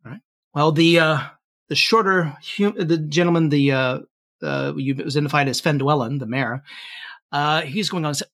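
A man narrating as game master of a tabletop game, telling the story in a relaxed way, with frequent fillers. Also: a little high, moderate pace, dry recording.

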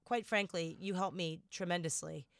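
Woman co-host, Southern US accent, lively and laughing, close dry sound. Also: lowish voice, normal speed, gravelly, no room sound. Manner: animated, laughs often, exaggerated Southern accent. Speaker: podcast co-host. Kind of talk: casual chat.

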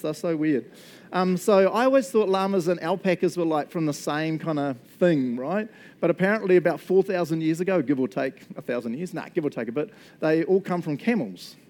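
Chatty, joking male pastor. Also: on the high side. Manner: joking, chatty, lively asides to the congregation. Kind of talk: casual sermon. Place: church.

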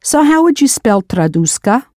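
A woman's voice: on the high side, sing-song, normal speed, a little mellow, no room sound, studio quality. A woman teaching a recorded language lesson, spelling words out letter by letter and asking the listener to answer. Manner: spells words letter by letter, then prompts the learner.

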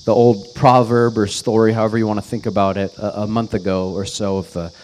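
A man's voice: fairly low pitch, flat delivery, a little fast, darkish tone, slight background noise. Earnest man preaching conversationally. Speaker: pastor. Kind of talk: sermon with personal story.

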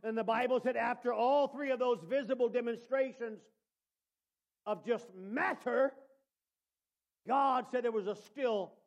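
A man preaching a sermon in a notably high voice. He calls out to listeners as brother. He drops to near-murmured asides, then rises to shouted emphasis. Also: a little slow, pauses often. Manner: swings between quiet asides and shouted emphasis; addresses listeners by name as brother.

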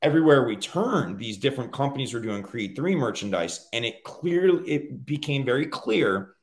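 A man talking as a guest on a casual podcast, relaxed and conversational, with frequent fillers. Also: mid-range voice, normal speed.

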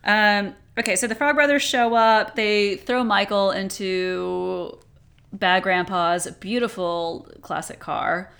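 A woman co-hosting a podcast, recapping a movie in a casual, animated way, laughing often. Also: mid-range voice, slow, creaky. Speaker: podcast co-host.

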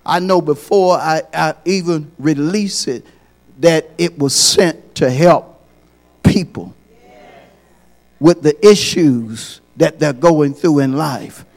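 A man preaches as a pastor, speaking slowly with vocal fry, repeating his points as he climbs from quiet lines to loud, high, shouted peaks.

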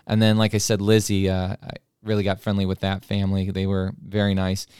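A man with a somewhat low, smooth voice tells a story in a relaxed, casual way. He chuckles as he goes, and the recording is dry and close with no room sound. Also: fairly quick, no room sound. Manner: relaxed, chuckles through his own story.

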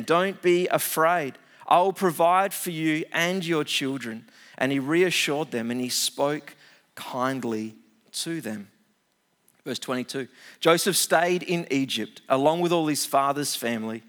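A middle-aged man, preaching a sermon, reading scripture aloud and explaining it with animated asides. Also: on the high side. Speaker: pastor.

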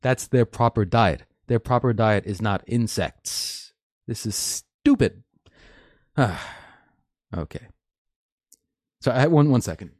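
A man's voice: mid-range voice, lively intonation, slow pace, pauses often, darkish tone, no room sound, studio quality. A man hosting a live stream, reading and commenting on news articles in an opinionated, rambling way, laughing often.

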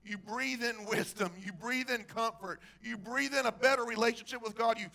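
A man preaching a sermon as a pastor, animated, asking the congregation questions. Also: extremely high pitch, normal speed, creaky.

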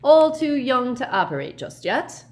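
Genial older male schoolmaster, put on by a woman reader, airy, pitched up and loud. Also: very animated, measured pace. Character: jovial portly older male potions teacher.

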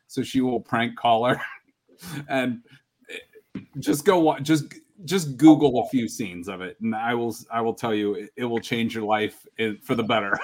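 Upbeat male podcast host who laughs mid-sentence and keeps the draft moving. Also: medium pitch. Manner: enthusiastic, laughs while talking. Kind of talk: casual podcast chat.

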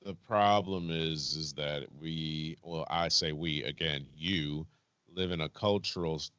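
A man co-hosting a podcast, talking things through calmly in casual chat. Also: a bass voice, measured pace, smooth, no echo, lo-fi sound. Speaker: podcast co-host.

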